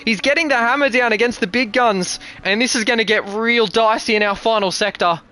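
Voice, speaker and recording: A man calling a sim racing league final live, as its host, excitable and climbing toward shouting as the race tightens. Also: very high-pitched, fairly quick. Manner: excitable, builds to shouting at the finish.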